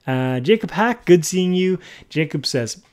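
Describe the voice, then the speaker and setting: A man's voice: sits high, expressive, a little slow, darkish tone. A male livestream host chats easily with his viewers and answers their comments as he goes. He thinks aloud and now and then stops to search for the right English word.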